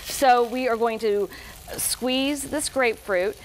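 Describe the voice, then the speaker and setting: A woman's voice: fairly high pitch, slow, a little hiss or hum, poor audio. A woman cookbook author giving a live TV cooking demonstration, explaining each step in a friendly, instructive way. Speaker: barbecue cookbook author and guest. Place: TV studio kitchen.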